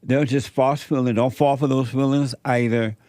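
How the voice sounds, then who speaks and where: A middle-aged man hosts a call-in radio show, offering firm spiritual life advice in short, repeated commands. His medium-pitched voice is a little mellow, with fairly even intonation and normal speed, captured in a dry, clean studio recording.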